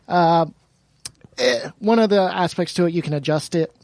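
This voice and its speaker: A man's voice: high-pitched, normal speed, gravelly, darkish tone, no room sound. A man appearing as a podcast guest, explaining his views thoughtfully with small hesitations. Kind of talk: casual podcast chat.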